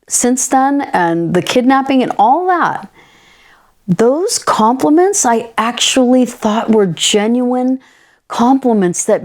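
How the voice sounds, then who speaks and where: A woman podcast host telling a personal story candidly and in an animated way, acting out the dialogue she quotes. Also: fairly high pitch.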